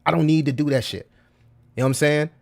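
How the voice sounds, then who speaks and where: A man's voice: on the high side, steady tone, fast talker, vocal fry. Slangy man chatting on a livestream. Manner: slangy, repetitive, addresses chat as bro. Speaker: crypto livestreamer. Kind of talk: casual livestream chat.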